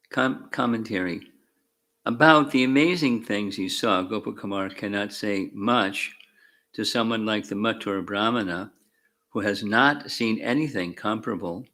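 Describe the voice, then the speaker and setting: A man reading scripture verses aloud and adding commentary as a spiritual teacher, slow and measured with fervent emphasis on key words. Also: mid-range voice, fairly bright tone. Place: temple class room.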